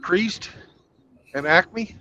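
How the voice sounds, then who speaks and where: A man's voice: high-pitched, drawn-out words, sharp tone, slight background noise. A man joking and teasing in casual chat.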